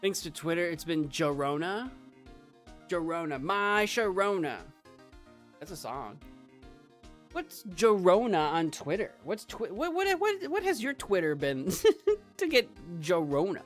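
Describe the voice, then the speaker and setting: Animated, giggly American woman streamer. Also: on the low side, a little slow, faint music behind. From United States. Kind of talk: casual let's play commentary.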